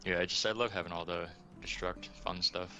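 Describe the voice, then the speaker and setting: A man's voice: sits low, fairly even intonation, a little fast, bright, forceful tone, faint music behind. A man from the United States, a game asset developer, talking casually and enthusiastically about his work with many ums. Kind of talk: casual interview chat.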